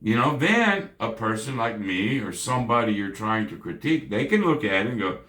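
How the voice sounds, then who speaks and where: A man's voice: on the low side, sing-song, fairly quick, few pauses, a bit bright, reverberant. A man hosting a gambling channel, talking late at night in a casual, slangy monologue and lecturing the viewer in a folksy way.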